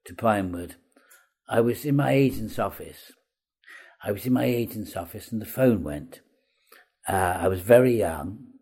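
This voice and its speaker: Older man, husky, lowish voice, self-deprecating, rambling anecdotes. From Wales. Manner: chatty, self-deprecating, lively with hesitations. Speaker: veteran actor guest. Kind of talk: anecdotal storytelling.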